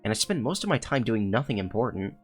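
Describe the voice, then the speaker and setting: A man's voice: on the low side, very animated, quick pace. Man reading an earnest teenage schoolgirl, plain read-aloud delivery, faint game music.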